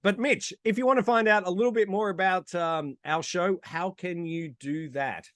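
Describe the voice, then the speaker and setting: A man co-hosting a podcast who chats in an agreeable, joking way. His voice is high for a man. The recording is dry and close, with no echo. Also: moderate pace, a bit bright. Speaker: podcast co-host. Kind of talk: casual chat.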